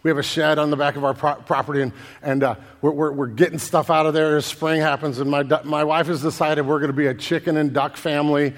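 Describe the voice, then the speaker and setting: A pastor preaching with a high, bright-pitched voice, swinging from a soft hush to loud, mocking asides. He keeps it casual and animated, using slang and acting out voices. His words ring out with a long reverb through a church hall. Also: quick pace, few pauses. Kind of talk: sermon.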